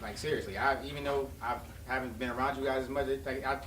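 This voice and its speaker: A man, a podcast guest, telling stories in a casual, animated way and often breaking into laughs. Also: medium pitch, fast, a little hiss or hum. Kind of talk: casual storytelling. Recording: roomy, distant mic with faint ambience.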